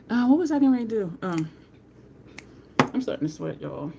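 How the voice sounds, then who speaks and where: Chatty woman with a gravelly voice. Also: mid-range voice, sing-song, a little fast, long pauses, darkish tone. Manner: chatty, laughs often, greets viewers by name. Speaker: makeup livestream host. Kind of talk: casual livestream chat while doing makeup.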